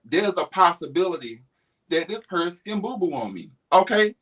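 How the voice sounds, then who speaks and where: A man's voice: high-pitched, sing-song, normal speed, fairly bright tone, breathy edge, rough recording. A man talking frankly and bluntly as a co-host in a casual live chat, often restarting his sentences.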